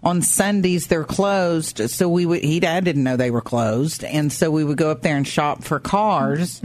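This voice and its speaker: A woman's voice: low voice, unhurried, darkish tone. Chatty woman radio host. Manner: chatty, chimes in, reads out phone numbers. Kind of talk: radio talk show.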